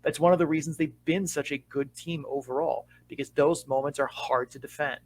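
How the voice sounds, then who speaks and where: A man talks through hockey tactics as a podcast co-host, in a slightly higher voice than most men. He explains at an even, measured pace and slows down to stress key points. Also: slight background noise, low-quality recording. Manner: measured, explanatory, with deliberate pauses for emphasis. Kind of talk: casual podcast analysis.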